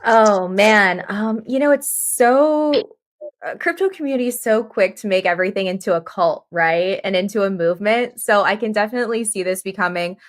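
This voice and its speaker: A woman's voice: mid-range voice, normal speed. A woman speaking as a guest on a crypto panel, chatty and self-mocking. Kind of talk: casual panel chat.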